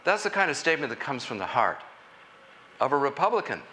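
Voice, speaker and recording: A man giving a conference lecture in a college hall, speaking in an earnest, deliberate way with measured emphasis. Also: medium pitch, very animated, bright, forceful tone, a little hiss or hum. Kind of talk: public lecture.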